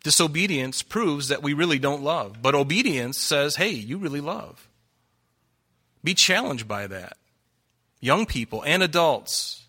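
A male pastor delivering a sermon in a bright, slightly high voice. He speaks emphatically, pushing his listeners with rhetorical questions between scripture readings. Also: lively intonation, unhurried, husky. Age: adult.

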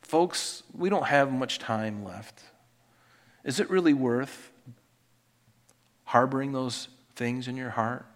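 A male pastor preaching a sermon, building to loud, emphatic scripture reading and dropping to quiet appeals. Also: medium pitch, takes it slowly, long pauses, in a large hall.

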